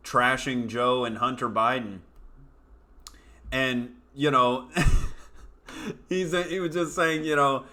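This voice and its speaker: A man's voice: medium pitch, steady tone, slow, pauses often, bright, forceful tone. A male comedian hosting his own show, delivering a profane, scornful rant full of fillers and asides. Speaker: comedian host. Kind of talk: ranting comedy commentary.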